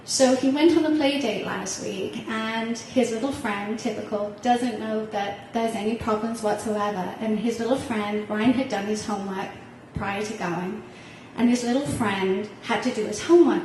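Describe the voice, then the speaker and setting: Middle-aged woman on a panel, kinda high voice, telling a heartfelt story, really echoey hall, mic far off. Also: darkish tone, slight background noise. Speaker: parent on a panel. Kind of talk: personal story at a panel talk. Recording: echoey room heard from far off.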